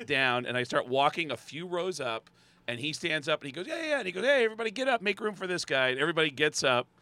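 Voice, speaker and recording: A man telling a long story in casual podcast chat, acting out quoted people and breaking into loud shouts. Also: medium pitch. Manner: animated, acts out quotes with loud shouting bursts.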